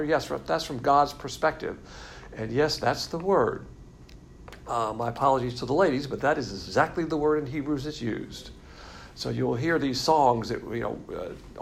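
A man's voice: medium pitch, animated, moderate pace, vocal fry, slight background noise. A man teaching a Bible lesson from diagrams, explaining in a blunt, emphatic way.

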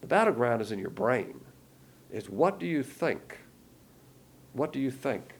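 A man's voice: medium pitch, sing-song, unhurried, vocal fry, slight background noise. A man giving an emphatic Bible lesson in sermon style, often repeating key words and stopping to restart his sentences. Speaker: Bible teacher.

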